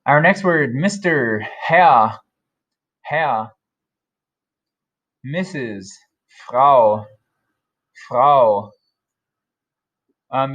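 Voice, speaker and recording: A man teaching German vocabulary, repeating each word slowly and carefully. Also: medium pitch, a bit bright. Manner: slow, careful modeling of German words. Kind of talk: vocabulary lesson.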